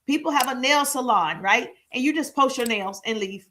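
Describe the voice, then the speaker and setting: A woman coaching her live-stream viewers on social media marketing, energetic and hype-style, calling out to the audience and repeating lines for emphasis. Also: high voice, moderate pace, hardly any pauses.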